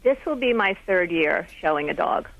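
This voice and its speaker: A woman, a guest author who shows dogs, talking in an unhurried, friendly way on a phone interview. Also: on the low side, animated, no echo. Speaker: guest author and dog show exhibitor. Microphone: telephone. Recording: dull phone-line audio.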